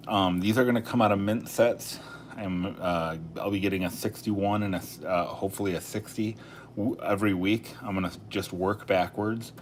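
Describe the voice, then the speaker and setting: A coin collecting channel host with a low-sitting voice runs a casual live stream, sorting coins while chatting and thinking out loud. He often corrects himself, and there's slight background noise.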